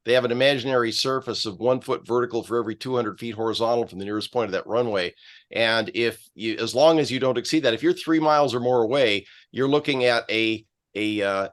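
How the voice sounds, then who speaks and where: A man's voice: mid-range voice, a bit bright. Guy on a call, lots of uh uh, figuring out the words as he goes. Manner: halting, searching for words with many fillers. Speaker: participant. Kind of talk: casual Q&A on a video call. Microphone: video call.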